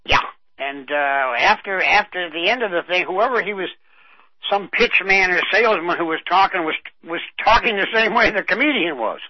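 A man's voice: high voice, animated, normal speed, no room sound. An older man co-hosting a radio show, reminiscing in a rambling way with many fillers. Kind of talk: casual radio chat. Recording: dull dry radio audio.

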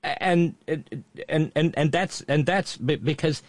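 A wry, measured man co-hosting a casual political talk show, often restarting his sentences with stammers. His voice sits a little high for a man. The sound is dry and close to the mic. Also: dry recording.

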